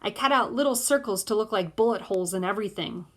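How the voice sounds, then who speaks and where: A woman voicing a bossy, excitable young girl who talks loud and shrill. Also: fast talker, close to an everyday voice. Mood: bossy, excited.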